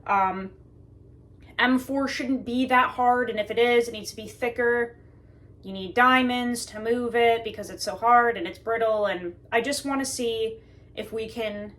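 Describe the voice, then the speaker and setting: A woman's voice: a little high, fairly bright tone. A woman reviewing a knife in a casual, chatty way, joking and talking straight to her viewers while she sharpens at her workbench.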